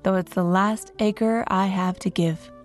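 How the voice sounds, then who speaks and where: A woman's voice: medium pitch, fairly even intonation, unhurried, faint music behind, natural voice. A woman doing a kindly, worn-out old king. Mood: earnest. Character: poor, kindly old king who loves his goose.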